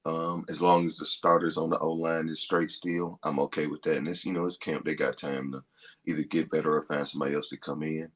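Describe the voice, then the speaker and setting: A man co-hosting a casual sports podcast, talking in a halting way with many pauses to gather his words. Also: a bass voice, little pitch movement. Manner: halting, with many ums and restarts. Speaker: podcast co-host.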